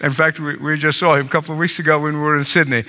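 In a large church sanctuary with long hall reverb, an older man preaches a sermon as pastor. His voice is on the high side, bright and forceful, level in tone and very fast, and he's emphatic, repeating phrases and adding asides.

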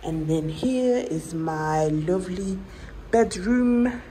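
A woman's voice: on the low side, expressive, slow, warm tone, a little hiss or hum, poor audio. A haughty, prim lady, as a vlogger puts her on. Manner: stiff, formal wording with a French flourish. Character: prim, theatrical woman giving a formal home tour. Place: rented apartment indoors.

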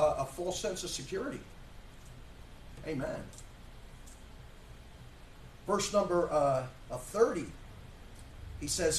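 A man pastor preaching a sermon, emphatic and full of rhetorical questions, at times shouting. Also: high voice, a little hiss or hum. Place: church sanctuary. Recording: echoey church room from far off.

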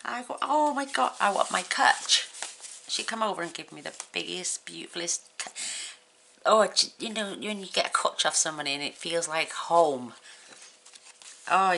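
Gravelly low-voiced gushing woman. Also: bright, forceful tone. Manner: gushing, effusive exclamations. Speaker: craft channel host. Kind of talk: casual unboxing chat. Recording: noisy room with paper crinkling.

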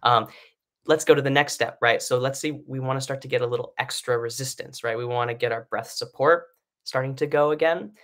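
A male vocal coach talks through breathing exercises in a relaxed, conversational lesson. His tone is bright and forward at an ordinary middle pitch, and he keeps checking in with "right?" between his points. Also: a little fast. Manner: casual explaining with many fillers and "right?" checks. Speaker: singing teacher. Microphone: live stream setup.

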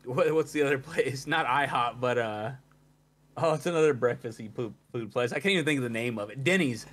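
A man from Texas, a guest on a podcast, chatting casually with short, relaxed reactions. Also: medium pitch, brisk. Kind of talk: casual chat.

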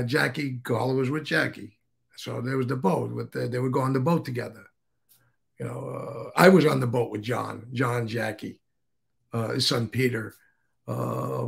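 A man's voice: mid-range voice, vocal fry. A man as an interview guest, telling stories casually in a rambling way, swearing freely and restarting sentences.

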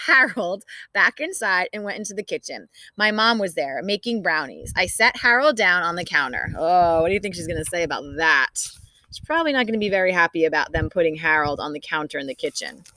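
A woman's voice: on the low side, animated, a little fast, sharp tone, no echo. A woman reading a children's book aloud outdoors, adding chatty asides with small laughs. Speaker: storybook reader. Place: outdoors in bright sun.

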